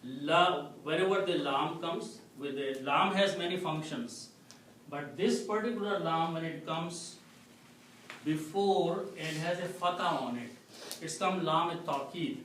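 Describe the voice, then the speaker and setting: Slow-speaking male teacher in an echoey room. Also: a little high, a bit bright. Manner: slow, explanatory, repeats "okay?" to check understanding. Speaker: Quran Arabic teacher. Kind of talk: classroom lesson. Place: mosque classroom. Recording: echoey room, distant mic, faint noise.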